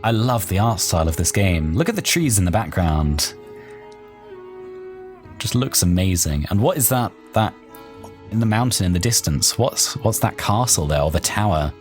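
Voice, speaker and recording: A man's voice: low voice, expressive, normal speed, soft background music. A young man hosting a let's play, reading game text aloud and chatting in an amused, thinking-aloud way. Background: faint game soundtrack.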